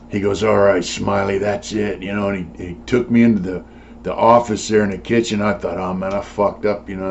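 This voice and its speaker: An older man with a very low voice recounts his past in a loose, rambling way, full of fillers and blunt profanity. The recording is dull and lo-fi, with a faint hiss underneath. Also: darkish tone. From California. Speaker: former prisoner telling his story. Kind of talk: casual storytelling. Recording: dull lo-fi sound with faint noise.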